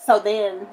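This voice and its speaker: A forty-year-old woman, telling a story on a casual livestream and swinging from loud outbursts to quiet asides. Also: medium pitch, slight background noise, low-quality recording. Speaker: livestream host.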